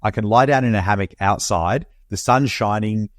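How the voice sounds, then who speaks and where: A man's voice: lowish voice, moderate pace, dry recording, clean studio sound. A man with an Australian accent co-hosting a podcast from home, chatting casually, swearing freely and calling his co-host mate. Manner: laid-back, swears casually, says mate often. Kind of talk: casual chat. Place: home, Perth.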